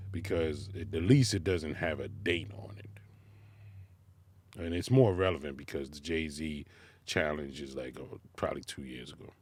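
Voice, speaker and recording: A man giving casual, animated reaction commentary from inside his car, laughing and swearing as he critiques. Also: a bass voice. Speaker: music reaction vlogger.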